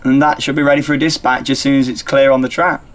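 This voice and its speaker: A man's voice: medium pitch, flat delivery, fast talker, faint music behind. A man giving casual, upbeat gameplay commentary as he operates a ride simulator, talking himself through each step. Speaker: theme park YouTuber playing a ride simulator.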